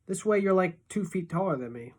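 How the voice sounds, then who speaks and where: A woman's voice: fairly low pitch, lively intonation, a little fast, a little mellow, pitched above the performer's own voice. A woman voicing a big, timid teenage boy who speaks hesitantly in a storybook reading. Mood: nervous. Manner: hesitant, small-voiced.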